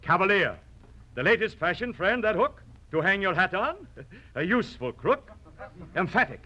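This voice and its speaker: A man's voice: high voice, very animated, normal speed, sharp tone, heavily acted. An actor playing a proud, mocking poet swordsman with a huge nose, declaiming in theatrical old radio-drama style. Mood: witty. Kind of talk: vintage radio drama acting.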